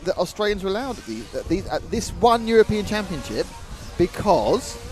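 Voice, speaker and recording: A man's voice: sits high, sing-song, normal speed, a little mellow, soft background music. A man commentating a live model car race, joking and reading viewer comments aloud. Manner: jokey, chatty, reads viewer comments aloud.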